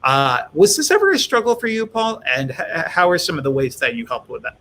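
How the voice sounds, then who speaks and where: A man's voice: on the high side, sing-song, brisk, pushed and bright, slight background noise. A man hosting a live-streamed interview on a video call, reading viewer questions aloud and rephrasing them for his guest. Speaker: host.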